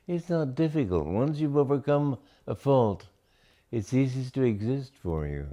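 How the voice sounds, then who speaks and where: An older man, a spiritual teacher, giving a reflective talk on scripture, slow and deliberate with many pauses between phrases. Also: medium pitch, sing-song, dark tone.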